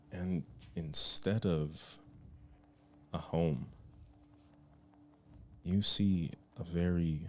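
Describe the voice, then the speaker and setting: A man with a deep voice runs a tabletop game, talking slowly through the scene. He narrates in a halting way, with fillers and restarts as he draws out each description. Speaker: game master.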